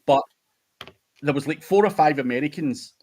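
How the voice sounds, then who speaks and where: A man's voice: a little high, normal speed, a little mellow. A Scottish man hosting a casual livestream Q&A, telling stories with lots of swearing and laughter. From United Kingdom. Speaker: host.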